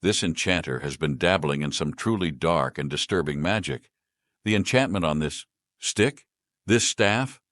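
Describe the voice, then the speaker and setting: A man voicing an agitated young woman mage who yells and growls in a raised voice. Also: low-pitched, expressive, moderate pace, no room sound, studio quality. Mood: angry. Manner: yelling, agitated. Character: furious young woman mage, shrill temper.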